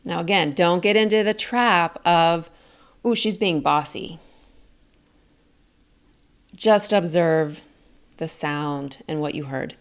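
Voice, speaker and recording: Lower-voiced woman coach, calm and clear, walking you through a lesson. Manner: calm, explains slowly and clearly, demonstrates statements. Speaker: communication coach. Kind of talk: teaching a video lesson.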